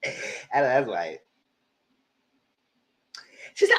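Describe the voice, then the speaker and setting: A man giving live commentary on a reality TV show, animated and cussing, mocking the people in it. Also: medium pitch, measured pace, poor audio. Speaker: reality TV reviewer.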